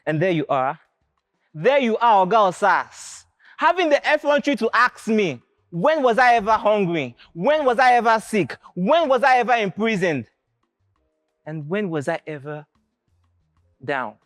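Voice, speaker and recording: A woman's voice: medium pitch, very animated, measured pace, dry recording, clean studio sound, faint music behind. A female acting contestant performing a stage monologue as a wronged, righteous speaker rebuking a powerful man, in an accusing delivery that swings up and down.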